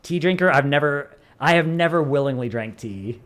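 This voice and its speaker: A man's voice: a little high, animated, moderate pace, a bit bright. A man from the United States, chatting casually on a live stream, rambling and joking at his own expense. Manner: rambling, self-mocking, joking. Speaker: streamer answering chat.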